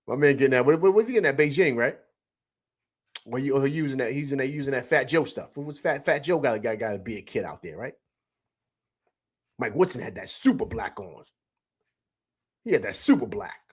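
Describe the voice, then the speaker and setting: A man's voice: medium pitch, animated, a little fast, pauses often, husky. A man hosting a live-stream sports reaction show, talking emphatically to his chat viewers, repeating himself and saying "man" a lot. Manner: addresses chat viewers directly. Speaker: fan show host.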